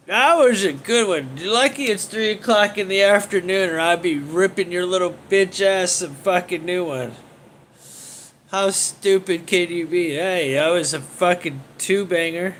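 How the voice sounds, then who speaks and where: A man's voice: high-pitched, a little hiss or hum. A man hosting a casual livestream, rambling and swearing as he reacts to viewer comments and laughs often. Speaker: livestream host.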